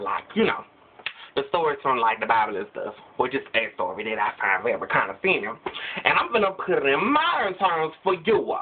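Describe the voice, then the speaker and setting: Brief: playful, rambling male vlogger, tinny phone-like sound with a noisy hiss. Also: medium pitch. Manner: playful, rambling, teasing the viewer. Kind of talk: comic retelling in casual chat. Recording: tinny phone-like audio with noise.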